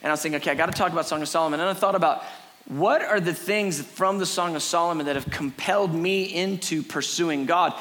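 Man, middle-aged, preacher, fairly high voice, earnest sermon delivery, church stage. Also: fast talker. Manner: animated, acts out a frantic crowd in a high put-on voice. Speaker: pastor. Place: church stage before a congregation.

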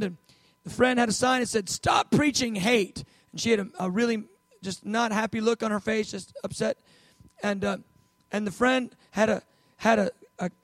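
High-voiced man preaching a casual sermon. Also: dry recording. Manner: conversational storytelling, emphatic slow stresses.

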